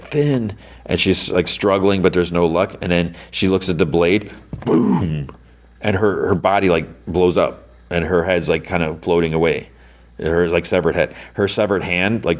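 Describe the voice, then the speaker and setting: Low-voiced man rambling through a recap. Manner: rambling, heavy on "like" and "um" fillers. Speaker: podcast host. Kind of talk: casual episode recap.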